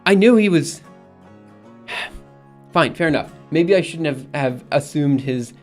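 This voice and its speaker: A man's voice: a little high, expressive, slow, soft background music. A young man rambling in casual live-stream chat, reading messages aloud and repeatedly insisting things are fine. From United States. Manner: rambling, reads chat aloud, exasperated but reassuring.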